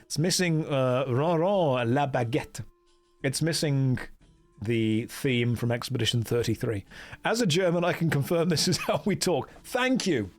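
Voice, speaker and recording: A man's voice: medium pitch, unhurried, faint music behind. A man from the UK chatting wryly with his viewers while streaming a game. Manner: wry, joking asides to chat while reading game dialogue. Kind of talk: casual live-stream commentary.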